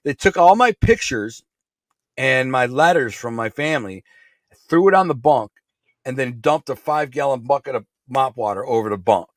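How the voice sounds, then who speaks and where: A man's voice: medium pitch, animated, moderate pace, no room sound, studio quality. A middle-aged man from Michigan with a Michigan accent, telling a rambling story in blunt, streetwise words as a podcast guest. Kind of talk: casual storytelling.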